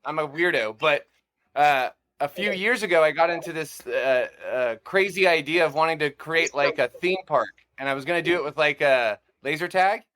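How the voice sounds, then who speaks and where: A man's voice: on the high side, moderate pace, bright, forceful tone, dry recording, studio quality. A man guesting on a casual podcast, telling stories in a brash, profane way. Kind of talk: casual chat.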